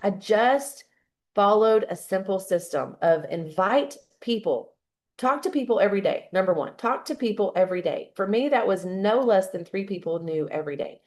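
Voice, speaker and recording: A woman's voice: medium pitch, normal speed. Fired-up woman giving a motivational talk. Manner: animated, fired-up storytelling. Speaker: guest speaker.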